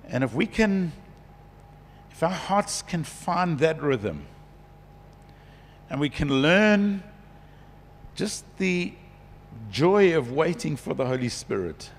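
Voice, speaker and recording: A middle-aged man preaching a conference sermon as a pastor, chatty and lively, laughing between points. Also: mid-range voice, a little hiss or hum. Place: large conference hall. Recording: long hall reverb.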